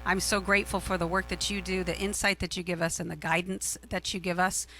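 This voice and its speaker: A woman's voice: on the low side, level tone, brisk, sharp tone, a little hiss or hum, poor audio. A woman speaking at a business forum panel, introducing herself and thanking the audience in a fluent, grateful manner.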